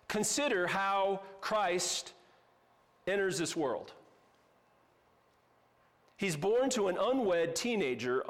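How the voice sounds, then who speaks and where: A man preaching a sermon as pastor, conversational and emphatic, with casual asides. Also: a little high.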